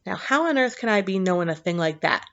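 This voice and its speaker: A woman voicing a huge, kindly old male giant who speaks in slow, jumbled, booming sentences for a storybook reading. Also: lively intonation, fairly bright tone, highs cut off. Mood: earnest. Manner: booming, drawn-out, jumbled grammar.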